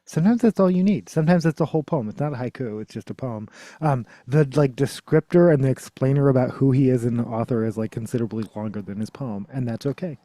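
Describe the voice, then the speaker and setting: A man chatting casually about library books as a streamer, often correcting himself and trailing off into quiet mumbles. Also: medium pitch, fast, no room sound. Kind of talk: casual rambling chat.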